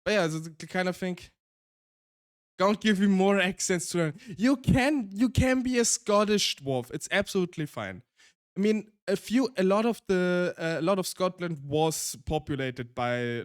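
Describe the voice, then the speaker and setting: Streamer, man, German accent, fairly high voice, rambling casual chat, dry close sound. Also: expressive, normal speed, clear, resonant tone, dry recording. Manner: rambling, restarts a lot, laughs often.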